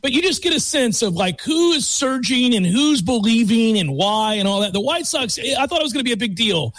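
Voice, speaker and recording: High-voiced rambling sports radio host. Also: male voice, big pitch swings, a little fast, a bit bright, no room sound. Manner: rambling, conversational with self-corrections. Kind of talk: casual sports talk. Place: radio studio.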